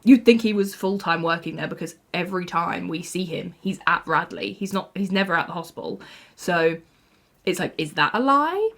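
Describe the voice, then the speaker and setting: A woman's voice: on the low side, lively intonation, moderate pace. A young woman in her twenties, rambling through casual TV fan commentary with frequent "like"s and laughs. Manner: rambling, lots of 'like', laughs often. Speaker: YouTuber.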